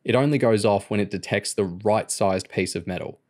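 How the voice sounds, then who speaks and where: A confident, scheming teenage boy who lays out his plan with easy assurance, voiced by a man reading an audiobook. The voice sits low and steady, close to the reader's own. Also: moderate pace, natural voice. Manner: confident, explaining.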